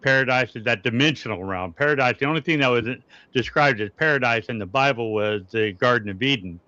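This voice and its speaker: A man's voice: mid-range voice, brisk, sharp tone, dry recording. A middle-aged man with an Arkansas accent, a paranormal investigator speaking earnestly on a panel over a video call, explaining in a preacher-like way. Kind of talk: casual panel chat. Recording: dull lo-fi audio.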